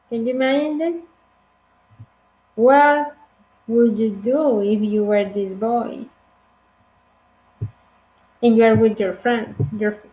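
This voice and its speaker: A woman from Honduras with a Honduran Spanish accent, teaching an online English lesson with slow, clear speech and playful acted examples. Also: fairly high pitch, mellow, poor audio.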